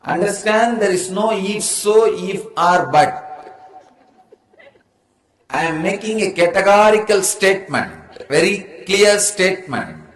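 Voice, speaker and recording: A man's voice: sits high, big pitch swings, slow pace, reverberant, low-quality recording. A man giving a spiritual discourse as a teacher, emphatic and declaring with rising insistence.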